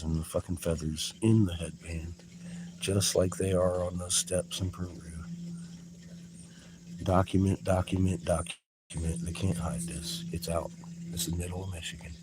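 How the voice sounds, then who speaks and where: A man's voice: low-pitched, flat delivery, a little slow, background noise. A man giving a rambling vlog monologue outdoors, swearing often and sounding agitated as he exclaims. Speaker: vlogger. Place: outdoors in a yard.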